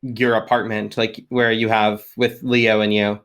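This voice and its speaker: A man's voice: lowish voice, little pitch movement, unhurried, a bit bright, clean tone. A man playing a tabletop game, describing his moves in a rambling way full of fillers. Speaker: player. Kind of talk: casual tabletop game chat.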